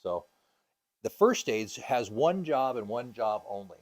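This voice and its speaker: A male scuba instructor talks a class through gear in a classroom. His voice sits at an ordinary middle pitch, and he keeps it casual and upbeat, with plenty of ums and uhs. Now and then he tosses questions out to the group. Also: big pitch swings, a little slow. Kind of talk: classroom teaching.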